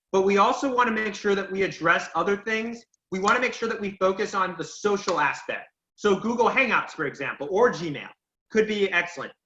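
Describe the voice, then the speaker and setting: Guy teaching a speech class, encouraging, quizzes the kids, pretty high voice. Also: pushed and bright. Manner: encouraging, emphatic, asks the class questions. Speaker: public speaking teacher. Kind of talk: online class feedback and recap. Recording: lo-fi echoey room audio.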